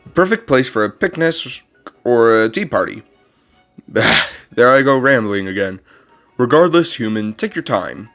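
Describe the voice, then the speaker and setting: A man putting on a gentle old monster caretaker, rambling and formal. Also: mid-range voice, animated, moderate pace, soft background music. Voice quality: strained put-on voice. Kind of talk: reading game dialogue aloud.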